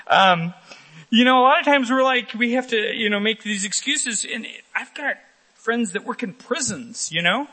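Bright-voiced man preaching a sermon. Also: sits high, normal speed, breathy edge, rough recording. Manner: lively, talks with the congregation and asks for raised hands. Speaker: pastor.

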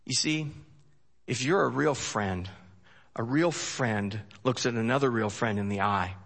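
A man preaching a sermon in a folksy, joking way, swinging from loud emphasis to hushed storytelling. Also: mid-range voice, a little slow, vocal fry. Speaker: pastor.

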